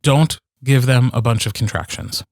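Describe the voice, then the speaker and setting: A man's voice: medium pitch, normal speed, no room sound, studio quality. A man who narrates audiobooks, co-hosting a podcast in casual chat with many fillers and restarts.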